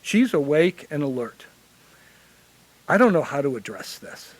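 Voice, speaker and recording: A man from Illinois who works as a hospital chaplain, telling lively stories to a forum audience. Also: fairly high pitch, a little slow, dry recording, rough recording. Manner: animated anecdotal storytelling. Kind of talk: conference panel storytelling.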